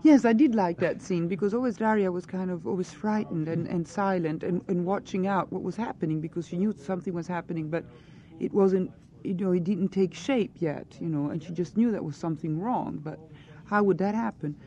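A woman's voice: lowish voice, fairly quick, warm tone, lo-fi sound. A woman answering questions as an actress in a press interview, earnest and searching for her words.

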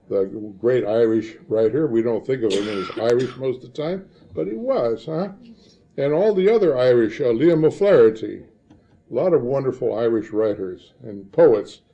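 An older man talks to a live audience in a dark, mellow voice, wandering from one memory to the next. He keeps nudging the room with a little "huh?" after his points. The recording is dull and lo-fi. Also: mid-range voice, vocal fry. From northern Illinois, USA. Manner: rambling storyteller, tags many lines with "huh?". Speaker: speaker addressing an audience.

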